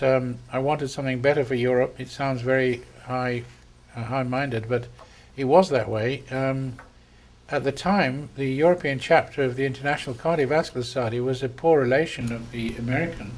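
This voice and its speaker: An older man with an English accent, a surgeon reminiscing in conversation, telling stories with frequent ums and restarts. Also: medium pitch. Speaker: surgeon interviewee.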